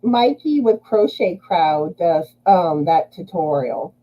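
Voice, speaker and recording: A woman guest in a casual crafting chat over a video call, chatty, with halting restarts. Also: lowish voice, big pitch swings, lo-fi sound.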